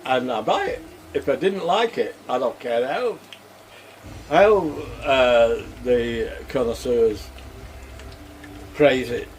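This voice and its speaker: A man's voice: medium pitch, animated, slow pace, long pauses, a little hiss or hum. An older man chats casually while he cooks at home, rambling and chuckling as he talks. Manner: rambling, chuckling, plain-spoken. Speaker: cooking vlogger. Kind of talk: casual cooking chat.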